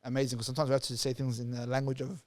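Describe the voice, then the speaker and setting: A man's voice: medium pitch, monotone. A man from Somalia, a youth worker talking earnestly as a podcast guest and leaning on repeated words and fillers. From Somalia, raised in Australia. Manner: fast, earnest, full of repeated words and "you know" fillers. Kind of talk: casual podcast interview.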